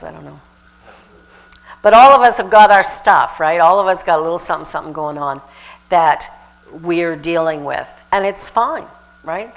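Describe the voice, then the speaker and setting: Animated woman minister preaching. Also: fairly low pitch, poor audio. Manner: lively, animated preaching with sudden shouted exhortations and laughter. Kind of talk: sermon.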